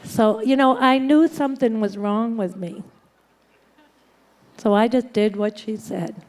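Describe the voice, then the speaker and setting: A woman's voice: on the high side, measured pace, a little mellow. A woman speaking to a live audience in a hotel conference room, telling a humorous personal recovery story with a wry manner and frequent laughter. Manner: wry, laughs often, acts out quoted people.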